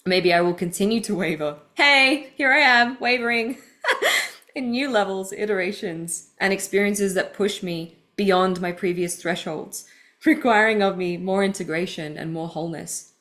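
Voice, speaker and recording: A woman's voice: lowish voice, normal speed. A woman podcast host reading aloud from her own book with personal asides, earnest and vulnerable, her voice welling with grief.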